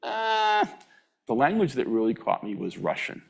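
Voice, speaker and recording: A middle-aged man giving a public lecture, telling humorous anecdotes, chuckling and acting out quoted voices with sudden jumps in pitch. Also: big pitch swings, creaky, husky. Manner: draws out foreign words slowly for the audience to repeat.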